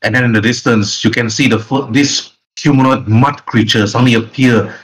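A man's voice: medium pitch, fairly even intonation, normal speed, a bit bright, slightly rough, rough recording. Rambling man running a tabletop game. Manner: rambling, frequent restarts and "and then". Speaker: game master.

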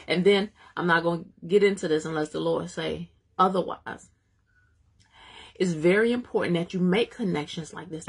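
A woman's voice: fairly low pitch, gravelly, husky. A woman teaching a live-streamed Bible study, exhorting her viewers, calling out to them by name, speaking.

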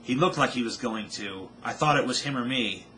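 A man voicing a shaken, defensive male shopkeeper in his own bright voice. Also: medium pitch, a little fast, slight background noise, natural voice. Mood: meek. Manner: defensive, then meek.

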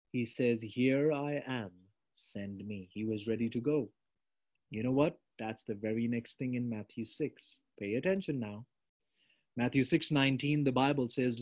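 A man preaching a sermon, emphatic, swinging between loud urgent appeals and quiet asides. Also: medium pitch. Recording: dull, lo-fi sound.

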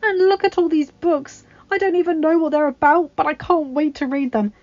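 Teen girl lead, bubbly, high and gushing, read by a woman, slightly dull lo-fi sound. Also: steady tone, normal speed, a little mellow, dry recording, lightly acted. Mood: thrilled. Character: excitable teenage girl, bubbly and wide-eyed.

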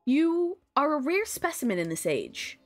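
A woman reading out the lines of a gentle, gracious queen of small creatures in a game, soft and formal. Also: high voice, big pitch swings, unhurried, soft background music, pitched above the performer's own voice, exaggerated voice. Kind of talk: reading game dialogue aloud.

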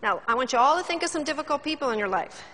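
A woman's voice: high-pitched, rapid-fire, long reverb tail. A woman motivational speaker giving a theatrical keynote speech on stage to a live audience. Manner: animated, theatrical, addresses audience.

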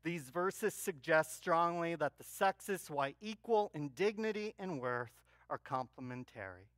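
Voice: medium pitch, measured pace, hardly any pauses, no echo. A pastor preaching a sermon in church, telling stories with humor and energy. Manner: animated storytelling with humor.

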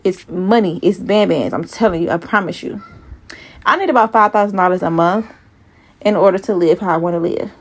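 A woman's voice: on the low side, fairly quick, breathy edge. A woman in her twenties talking casually and bluntly to her phone camera, swearing freely and sounding a bit out of breath. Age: 20s. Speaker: vlogger. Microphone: phone mic with earbud.

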